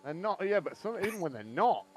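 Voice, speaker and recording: A man's voice: high voice, sing-song, fairly quick, noisy background. A man streaming a co-op racing game, chatting casually, joking and swearing freely as he tells stories between laps. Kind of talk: casual gaming banter.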